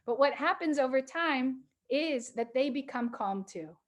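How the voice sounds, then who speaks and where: A middle-aged woman teacher talking calmly to a group of teachers, measured, with pauses and fillers. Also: sits high.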